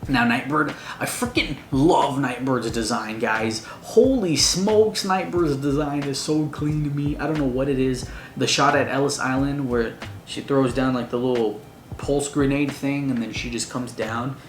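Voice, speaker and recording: Male movie reviewer, mid pitch, gushing fan energy, echoey room. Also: moderate pace. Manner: gushing, excitable fan talk with slang. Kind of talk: casual spoiler review. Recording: roomy echo, faint noise.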